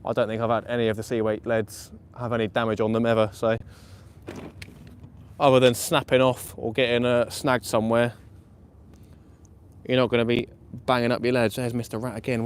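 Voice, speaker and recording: A man commenting live on his night fishing session, chatty and excitable, laughing often, outdoors by the water. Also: medium pitch, moderate pace, slight background noise. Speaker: fishing vlogger. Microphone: camera or phone mic on a live stream.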